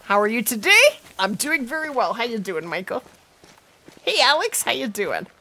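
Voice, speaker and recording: A woman's voice: on the high side, big pitch swings, normal speed, bright, forceful tone. A woman chatting casually with her viewers while streaming a game from home, talking to her cat and laughing easily. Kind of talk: casual live-stream chat over gameplay.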